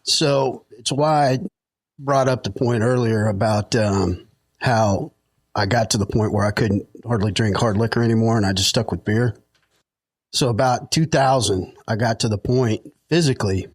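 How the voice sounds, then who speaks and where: A man's voice: medium pitch, gravelly, dry recording. A middle-aged man, a podcast guest, telling stories in a rambling, chuckling way with lots of fillers. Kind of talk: casual storytelling.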